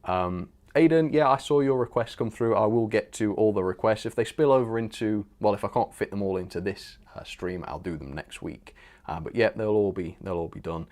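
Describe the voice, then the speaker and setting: A man hosts a live stream in a loose, rambling way, reading out viewer comments and chuckling as he goes. His voice sits a little on the low side. The talk is relaxed and off the cuff. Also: brisk. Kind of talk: casual live stream chat.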